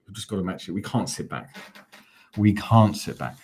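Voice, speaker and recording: A man's voice: lowish voice, lively intonation, moderate pace, darkish tone, a little hiss or hum. A man hosting a live fan watch-along, talking in a chatty, rambling, self-mocking way. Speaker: fan channel host.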